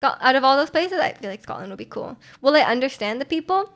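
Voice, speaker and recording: Chatty young woman with a high voice. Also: very animated, fast talker, a bit bright. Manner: rambling and chatty, laughs often, answers chat. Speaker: livestreamer. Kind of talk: casual chat.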